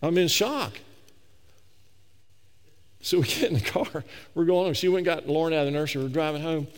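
A middle-aged man preaching a sermon, telling a personal story in a folksy, animated way full of repetitions. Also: on the high side, a little fast, long reverb tail. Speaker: pastor.

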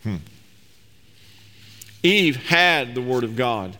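A man's voice: medium pitch, lively intonation, slow, sharp tone. A man preaching a sermon as pastor, reading scripture aloud and explaining it with emphatic, rising delivery. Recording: long reverb of a large hall.

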